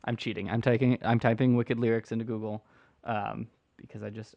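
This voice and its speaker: A man's voice: fairly low pitch, little pitch movement, a little fast, dull audio. A man hosting a casual, unedited livestream chat, answering viewer questions in a rambling, playful way and often restarting his sentences.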